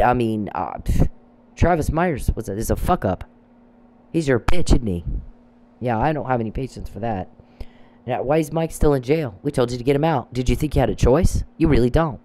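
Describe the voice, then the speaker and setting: A woman's voice: extremely low pitch, warm tone, rough recording. A woman talking in an angry, rambling monologue, combative and profane, with frequent restarts.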